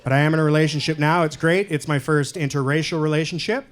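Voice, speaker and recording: A male stand-up comedian from Canada doing a set in a comedy club, deadpan and self-deprecating, with loud punchlines. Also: fairly high pitch, fast, some chatter behind.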